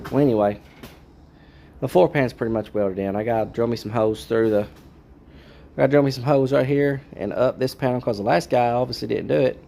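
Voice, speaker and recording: Gravelly man ranting in a garage. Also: mid-range voice, warm tone, slight background noise. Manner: frustrated, ranting, complaining. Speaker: car restorer. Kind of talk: ranting workshop vlog.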